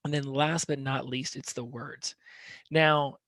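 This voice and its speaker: A man's voice: mid-range voice, fairly even intonation, a little slow, fairly bright tone, no room sound. A man coaching on communication in a conversational instructional talk, often checking in with "right?". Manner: conversational, peppers points with "right?".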